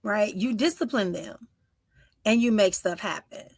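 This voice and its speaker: A middle-aged woman, hosting a live stream and giving emotive spiritual readings that often drop into soft whispers. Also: a little high, moderate pace, no echo. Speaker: spiritual medium and podcast host. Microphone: close mic for live streaming.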